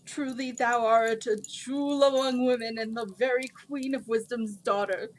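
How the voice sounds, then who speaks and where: A woman's voice: a little high, a little slow, fairly bright tone, low-quality recording. A woman voicing an ancient male jinn in a read-aloud storybook, speaking in grand, archaic declarations. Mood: formal.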